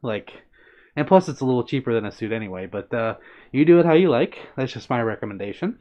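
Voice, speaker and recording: A man's voice: mid-range voice, expressive, fast, mellow. A man hosting a live stream, chatting casually and answering viewers by name in an upbeat way. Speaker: livestream host reading chat. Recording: dull lo-fi stream audio.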